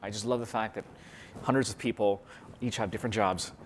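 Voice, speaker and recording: A man's voice: fairly low pitch, fairly quick. Chatty man with faint room noise. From California. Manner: lively, laughs often, many restarts and fillers. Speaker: interview guest. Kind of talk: casual interview chat.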